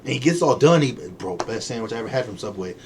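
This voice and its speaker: A male podcast co-host tells a casual story with a lively, swooping voice, slipping into the voices of the people he quotes. He laughs easily. There is a faint hiss of background noise under him. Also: mid-range voice, fast talker. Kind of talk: casual chat.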